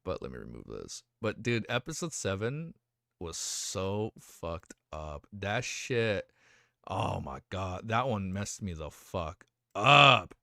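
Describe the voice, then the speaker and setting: A young man livestreaming from home, rambling excitedly with lots of swearing and restarts. His pitch swings widely and his tone is bright. The sound is close and dry, with no room in it. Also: slow pace, vocal fry, no echo. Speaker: livestream host. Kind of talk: casual stream chat.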